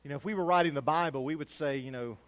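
A middle-aged male pastor preaching a sermon, swinging from loud emphatic peaks to quiet low asides. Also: very fast.

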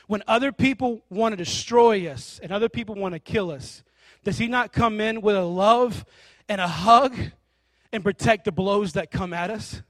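A high-voiced man preaches a sermon at a moderate pace, telling stories and slipping into the voices of their characters. His delivery is animated and conversational, with no room echo at all.

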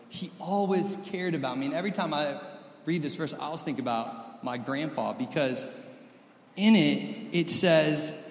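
A man in his thirties preaching a sermon and telling stories, moving between loud lively stretches and soft close ones. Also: on the high side, roomy sound, long reverb tail. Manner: storytelling, swings from loud and lively to soft and intimate. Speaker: pastor.

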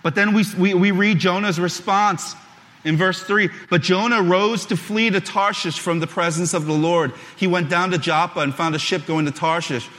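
A man, a pastor, reads scripture in a measured, steady way, then preaches conversationally with frequent restarts. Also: high-pitched. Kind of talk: scripture reading and sermon. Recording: long hall reverb.

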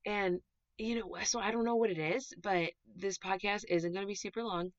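A woman hosting her own podcast as a dog trainer, chatty and animated, gushing as she talks in a casual way. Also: mid-range voice, moderate pace, dry recording. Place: small closet recording space. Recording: dull, dry closet recording.

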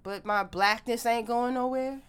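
A woman's voice: on the high side, steady tone, measured pace, clean tone. A woman in casual chat, talking emphatically and animatedly, swearing freely.

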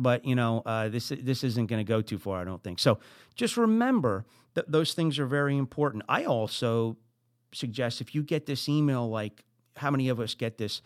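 A middle-aged man with a New Jersey accent hosting a podcast, giving business advice in an animated way with high emphatic bursts. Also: normal speed, no room sound, clean studio sound. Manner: animated, acts out exasperated quotes, rising into high emphatic bursts. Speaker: podcast host.

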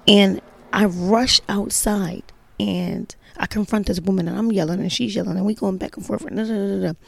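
A woman's voice: medium pitch, fairly even intonation, normal speed, creaky. A mother telling a personal story in casual, chatty style, emphatic and full of "you know" fillers.

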